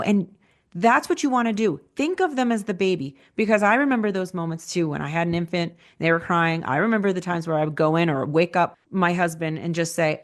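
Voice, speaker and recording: A woman's voice: on the low side, moderate pace. Chatty woman guest who keeps adding "right?". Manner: conversational, often adds "right?". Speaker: author guest. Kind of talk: casual interview talk.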